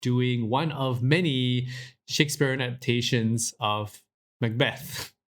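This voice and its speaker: A man's voice: mid-range voice, a little slow. A man co-hosting a film podcast in casual chat, giggly and self-deprecating. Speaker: podcast co-host.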